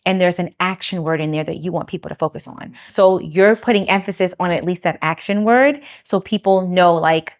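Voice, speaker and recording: Fast-talking New woman coach. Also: lowish voice. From New York. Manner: lively, laughs often, acts out quoted lines; fast speech that she says jumbles words. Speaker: speech coach. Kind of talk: casual interview chat.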